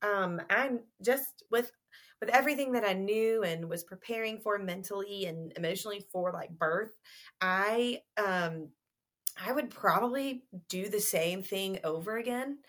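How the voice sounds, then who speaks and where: A woman's voice: medium pitch, unhurried, fairly bright tone. A young adult woman, a podcast guest telling a story in a casual interview. She talks animatedly and laughs and giggles often.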